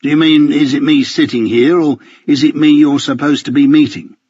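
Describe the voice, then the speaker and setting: A man reads out a suave, ironic spy handler from an audiobook who stays dryly polite and mock-formal. His tone is a touch husky and airy. The recording is dry, with a muffled, lo-fi top end. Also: a little high, fairly even intonation, normal speed, a little mellow, no echo, pitched above the performer's own voice. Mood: wry. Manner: mock-formal and dryly polite, calls others sir and master. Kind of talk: audiobook character voice.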